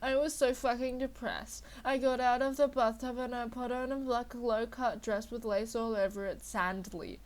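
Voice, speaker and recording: A woman's voice: fairly high pitch, fairly even intonation, moderate pace, hardly any pauses. A young woman with a sore throat giving a mock-dramatic comedic reading, breaking off for exasperated, sarcastic asides. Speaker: dramatic reader of a fanfic.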